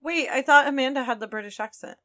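A young woman co-hosting a podcast, chiming in with quick reactions and questions. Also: high-pitched, fairly bright tone. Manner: chimes in with quick reactions and laughs. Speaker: podcast co-host. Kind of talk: casual chat.

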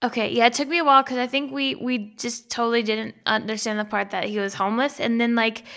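A woman's voice: a little high, level tone, fast, a bit bright. An American woman co-hosting a podcast, chatting casually with lots of "like" fillers. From United States. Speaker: podcast co-host. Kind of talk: casual chat.

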